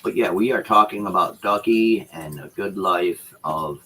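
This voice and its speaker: A man's voice: sits low, measured pace, sharp tone, slight background noise, poor audio. A man rambling in casual, profane chat to his livestream viewers from a room at home. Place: home room with shelves behind him. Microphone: computer setup with dual screens.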